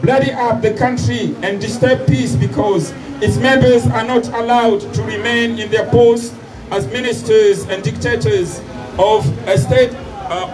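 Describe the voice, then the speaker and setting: A man from Comoros delivering a political speech at an outdoor protest, denouncing injustice and often restarting his phrases. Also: extremely high pitch. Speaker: protest speaker. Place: outdoor city square at a street protest. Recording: distant mic, loud outdoor street noise with traffic.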